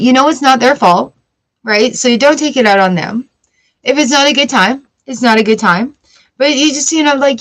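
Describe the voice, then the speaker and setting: A woman's voice: high voice, normal speed, a bit bright. A woman giving a casual live-stream tarot reading, chatty and blunt and swearing freely. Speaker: tarot reader.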